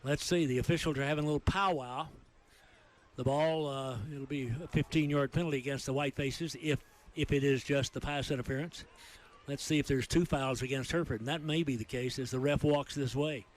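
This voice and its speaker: A man with a Texan accent calling high school football play by play, with rapid excited calls during big plays. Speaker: play-by-play announcer.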